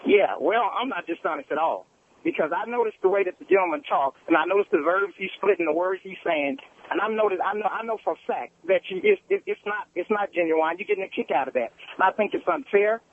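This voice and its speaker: A man calling in to a radio show, earnest and halting, with many restarts. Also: high voice, expressive, a little hiss or hum. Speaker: caller. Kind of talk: radio call-in complaint. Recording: tinny phone line.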